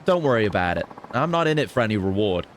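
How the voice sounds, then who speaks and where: A stoic, principled male hero from a video game who speaks calmly and firmly, as a man reads his lines. The pitch stays lively throughout. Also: fast talker, slight background noise.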